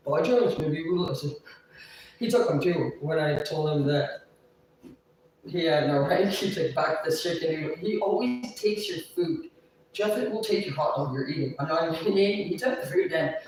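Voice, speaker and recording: A woman's voice: deep voice, darkish tone, far from the mic, slight background noise. A woman livestreaming, venting in a long profane rant, a little tipsy. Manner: profane, agitated, rapid venting. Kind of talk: ranting livestream storytelling. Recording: echoey room, voice off-mic.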